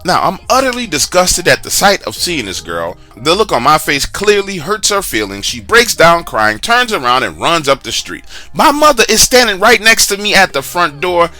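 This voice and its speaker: A man telling a true story from his own life in a casual, lively way, speaking straight to the listener with slang asides. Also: on the high side, moderate pace, few pauses, faint music behind. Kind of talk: casual first-person storytelling.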